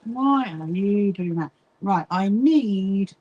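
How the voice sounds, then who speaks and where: A woman from the UK talks her way through a blanket stitch on her own sewing livestream. She is chatty and easygoing, reads out viewer comments as she goes, and breaks off now and then with quick asides while she works. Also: medium pitch, animated, mellow, husky, muffled recording. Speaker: livestream host. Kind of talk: casual chat while sewing.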